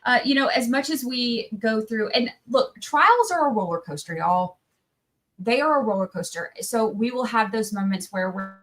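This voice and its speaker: A woman's voice: mid-range voice, poor audio. A woman chatting casually on a livestream, rambling and breaking off mid-sentence, tired from little sleep. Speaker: livestream trial commentator.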